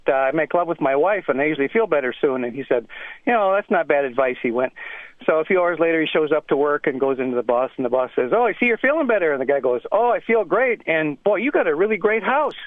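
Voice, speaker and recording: A man calling in to a radio show, telling a joke in a relaxed way. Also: a little high, dry recording. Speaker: caller. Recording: phone line.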